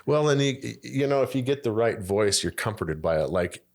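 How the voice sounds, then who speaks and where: A man who is an aspiring voice actor, guesting on a podcast and telling stories in a lively way with many restarts. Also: fairly low pitch, moderate pace, gravelly. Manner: animated storyteller, many restarts. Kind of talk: casual podcast chat.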